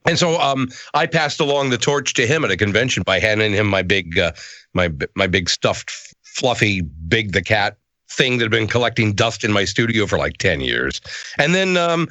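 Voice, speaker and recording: A middle-aged man, a voice actor, telling stories as a guest in a casual interview, animated and self-deprecating. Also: fairly low pitch, moderate pace, no room sound.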